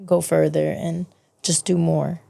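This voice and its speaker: A woman's voice: low voice, a little slow, creaky. An American woman, a podcast guest, chatting casually and acting out quoted voices as she tells stories. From United States. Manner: animated storyteller who acts out quotes. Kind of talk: casual interview chat.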